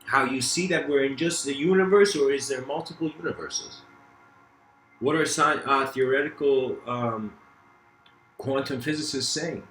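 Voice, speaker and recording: A man's voice: medium pitch, moderate pace, fairly bright tone, echoey room, soft background music, low-quality recording. A man giving a casual philosophical lecture, telling a story loosely with many fillers.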